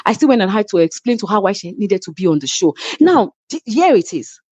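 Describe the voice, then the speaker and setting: A middle-aged woman with a Nigerian accent, a reality show cast member telling a story in casual chat, animated and heated, slipping into Yoruba phrases. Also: medium pitch, fairly quick, husky, no echo. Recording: slightly muffled lo-fi sound.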